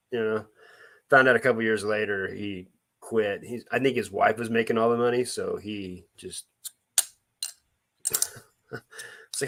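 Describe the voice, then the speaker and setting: A man chatting casually on a live stream, rambling with many restarts and greeting viewers by name. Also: medium pitch. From Missouri.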